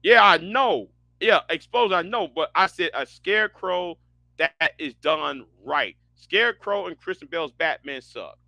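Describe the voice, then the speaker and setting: A man hosting a livestream, ranting casually in a profane, animated way, often stammering and restarting his words. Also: a little high, unhurried, creaky, no echo. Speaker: livestream host.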